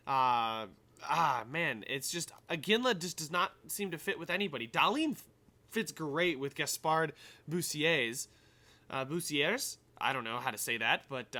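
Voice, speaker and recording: Bright-voiced man narrating his hockey game. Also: high voice. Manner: thinks aloud, rambling with many fillers. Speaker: gaming YouTuber. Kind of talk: casual game commentary.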